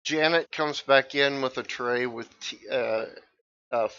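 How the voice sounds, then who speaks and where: A man narrating a tabletop game, chatty and quick to laugh. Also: mid-range voice, crowd noise. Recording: muffled lo-fi mic.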